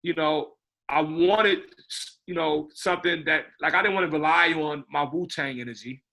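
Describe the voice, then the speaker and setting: A man speaks as a film director in a loose, rambling interview, circling back and repeating himself. His voice is bright and sits fairly high. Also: normal speed. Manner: rambling, repeats words, says "you know what I mean". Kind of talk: casual interview talk.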